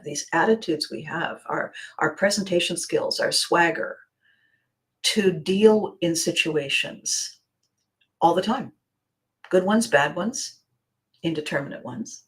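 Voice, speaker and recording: A woman hosting a solo podcast, telling playful, animated stories and sometimes dropping to a near whisper for emphasis. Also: on the low side, a little slow. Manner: playful, animated storytelling with voiced asides. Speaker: podcast host.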